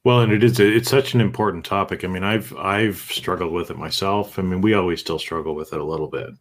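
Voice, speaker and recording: A man's voice: low-pitched, fairly quick. A man hosting a live-streamed podcast interview, speaking in an upbeat, enthusiastic way. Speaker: podcast host.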